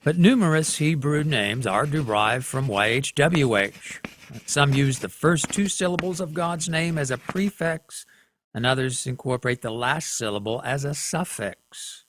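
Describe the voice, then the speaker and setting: A man teaching a class at a whiteboard, slow and deliberate, often checking in with the students. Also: mid-range voice, expressive, fairly bright tone, a little hiss or hum.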